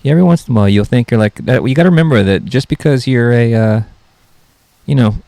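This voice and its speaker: A man's voice: mid-range voice, quick pace, mellow, no room sound. A man hosting a comedy podcast, rambling through off-color jokes and poking fun at himself. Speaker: podcast host.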